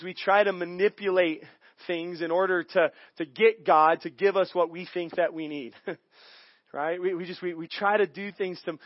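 A guest pastor telling a story in his sermon, animated and chuckling, often restarting his sentences. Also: sits high, no room sound, highs cut off. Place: church sanctuary.

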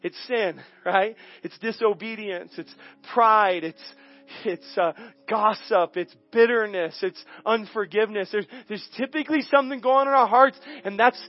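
A guest pastor telling a story in his sermon, animated and chuckling, often restarting his sentences. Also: high-pitched, moderate pace, highs cut off. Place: church sanctuary.

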